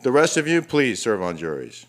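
A middle-aged man co-hosts a casual chat show. His voice is lively and moves up and down a lot, and he cuts in with dry, teasing comments. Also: mid-range voice, moderate pace. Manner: wry, teasing interjections. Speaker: co-host.

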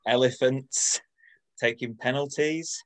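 A man's voice: medium pitch, steady tone, takes it slowly, a bit bright. A man co-hosting a casual podcast, telling a story in a dry manner. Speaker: podcast co-host.

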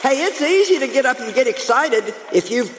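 A woman pastor preaching a lively, humorous sermon to her congregation, calling out to them as she goes. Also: high voice, moderate pace, long reverb tail, background noise. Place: church sanctuary.

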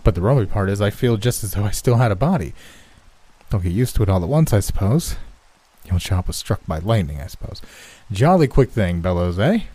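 A man's voice: fairly low pitch, lively intonation, a little fast, warm tone. A man voicing a dazed, frightened male lab scientist who rambles in bewilderment. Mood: confused.

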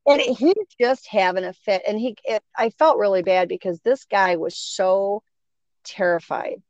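A woman's voice: mid-range voice, measured pace, dry recording. Middle-aged woman, casual storyteller, acts out quotes, muffled close sound. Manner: animated, acts out quoted voices. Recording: dull, dry sound.

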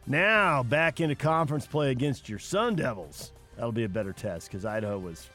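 Brisk male sports radio host. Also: medium pitch, big pitch swings, a bit bright, faint music behind. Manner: brisk, reads scores then asks co-host. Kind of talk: sports radio score rundown.

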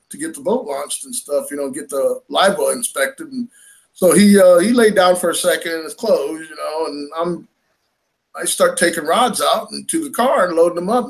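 Man, high voice, animated storyteller who laughs as he goes. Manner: animated, laughing, acts out quoted lines. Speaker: fishing tournament angler. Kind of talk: casual storytelling.

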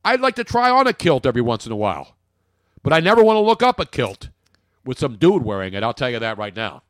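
A man co-hosting a sports talk show, ranting and joking in casual banter with big swings in his pitch. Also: sing-song, fast talker, a bit bright, no room sound, studio quality. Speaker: podcast co-host.

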